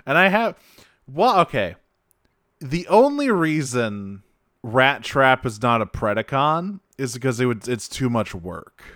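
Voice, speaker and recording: A man's voice: mid-range voice, sing-song, measured pace, fairly bright tone, no room sound, clean studio sound. A man co-hosting a podcast, recapping an episode in casual chat, swearing freely and laughing often. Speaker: podcast co-host.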